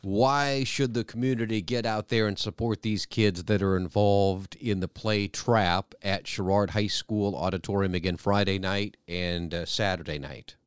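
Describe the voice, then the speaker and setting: Smooth-voiced middle-aged radio host. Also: male voice, on the low side, fairly even intonation, unhurried, hardly any pauses, no room sound, clean studio sound. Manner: chatty, plugs event details. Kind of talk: radio interview.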